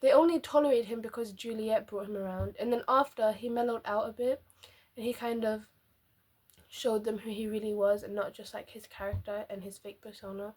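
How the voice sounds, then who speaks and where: A woman's voice: mid-range voice, steady tone, fairly quick, darkish tone, breathy edge. A young woman chatting casually as a book vlogger, rambling and giggly as she reacts.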